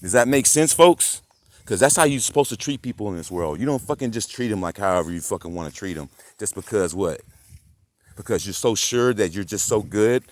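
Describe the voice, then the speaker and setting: Brief: low-pitched male vlogger, rambling profane rant, dry room, flips between mumbles and loud outbursts. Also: expressive, fairly quick, no room sound. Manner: profane, ranting, swings from mutter to loud outbursts. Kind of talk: rambling monologue.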